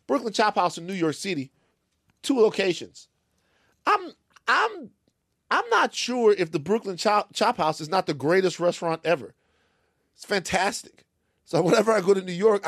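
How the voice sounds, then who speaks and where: Animated man telling stories. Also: sits high, dry recording, clean studio sound. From Louisiana. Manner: animated storyteller, acts out other voices. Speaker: podcast co-host. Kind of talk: casual comic chat.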